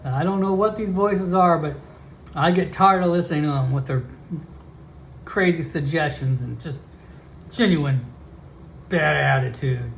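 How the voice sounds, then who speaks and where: A man's voice: fairly high pitch, unhurried, gravelly, long pauses, a little hiss or hum. A man voicing a chatty male merchant alchemist who pushes his wares with wheedling sales patter. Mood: coaxing. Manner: wheedling sales patter, calls everyone my friend.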